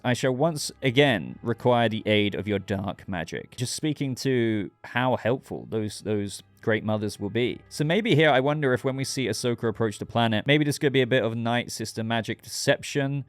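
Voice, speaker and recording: A man's voice: medium pitch, brisk, few pauses, no echo. A man hosting his own channel, giving a casual, rambling episode review and talking straight to his viewers. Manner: rambling, chatty, addresses viewers directly.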